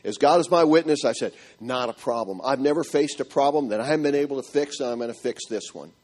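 A middle-aged man telling a church audience his marriage story in an animated, storytelling way. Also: medium pitch, quick pace. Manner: animated storytelling, acting out quotes. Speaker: speaker giving a marriage testimony.

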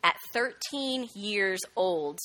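Bright-voiced woman preaching a sermon. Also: mid-range voice, slow. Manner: animated storytelling, acts out quoted voices. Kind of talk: sermon with personal testimony.

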